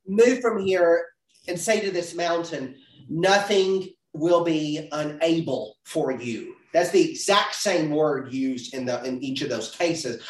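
A Bible study leader teaching a group, earnest, posing questions and building to emphatic peaks. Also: mid-range voice. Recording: roomy sound from a distance.

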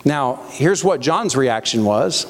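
A man preaching a sermon to a congregation, reading scripture slowly and with rising emphasis between plain, direct asides. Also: mid-range voice, animated, long reverb tail. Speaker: pastor.

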